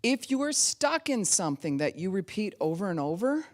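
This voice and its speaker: A woman pastor preaching a sermon in an animated way, laughing often and acting out the voices she quotes. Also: medium pitch, moderate pace.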